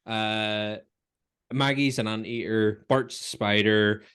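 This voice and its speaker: A Northern Irish man co-hosting a casual review chat, animated, swearing and quoting lines. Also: lowish voice, takes it slowly, clean tone. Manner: animated, swears, quotes lines in put-on voices, laughs often. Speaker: podcast co-host.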